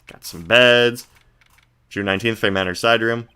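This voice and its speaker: A man's voice: fairly even intonation, normal speed, pushed and bright, clear, resonant tone. A man streaming a game, reading the game text aloud in a casual, laid-back way, often murmuring his asides. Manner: laid-back, reads descriptions in a low murmur.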